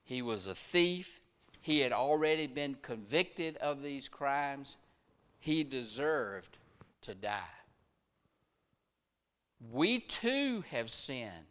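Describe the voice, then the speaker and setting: A man preaching a sermon, retelling a story with dramatic rises and drops in loudness. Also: mid-range voice, sing-song, very slow, long pauses, smooth.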